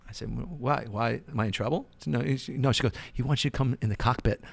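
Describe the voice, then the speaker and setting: Middle-aged New York man, gravelly, excitable anecdote-teller, dry booth. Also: medium pitch, fast, no echo. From United States. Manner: animated, excitable storyteller. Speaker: guest musician. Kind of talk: storytelling in casual chat.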